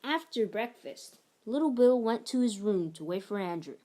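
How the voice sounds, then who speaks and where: A woman narrating a children's picture book aloud in an expressive storytelling manner. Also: mid-range voice, normal speed. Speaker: storybook reader.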